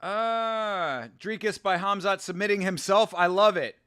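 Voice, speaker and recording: A man hosting a casual fight watch-along, excitable and jokey. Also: sits high, a little slow, smooth. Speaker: host.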